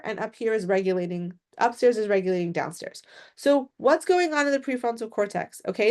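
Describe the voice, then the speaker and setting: A woman's voice: on the high side, darkish tone. A woman presenting a mental health workshop, explaining step by step and often checking in with "right?" and "okay?".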